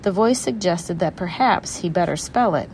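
A woman narrating a children's storybook in an even storytelling manner. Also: lowish voice, normal speed, a little hiss or hum, rough recording. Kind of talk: audiobook reading.

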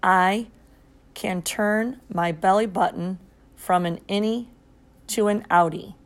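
A woman reading an audiobook voices a young boy who speaks softly and weakly. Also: medium pitch, steady tone, slow pace. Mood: downcast. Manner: soft, weak, whispery. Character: sad, quiet young boy. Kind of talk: audiobook character voice.

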